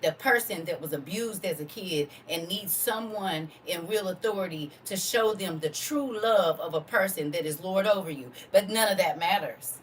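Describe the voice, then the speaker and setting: A woman's voice: fairly low pitch, moderate pace, few pauses, slight background noise. Fervent woman preacher, distant mic. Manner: fervent, rhetorical questions, vernacular. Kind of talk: informal preaching to a congregation.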